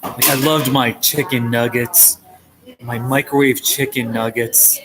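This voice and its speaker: A man in his forties, from the United States, chatting casually on a live stream and answering viewers' comments. He laughs often and his voice jumps up when he gets excited. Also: mid-range voice, a little slow, noisy background. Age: 40s.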